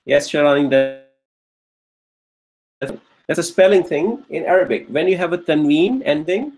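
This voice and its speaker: Guy teaching arabic grammar online, kinda high voice, repeats everything, keeps asking okay?. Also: animated, moderate pace, a little mellow, low-quality recording. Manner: patient, repeats each answer and checks with "okay?"; praises students' answers.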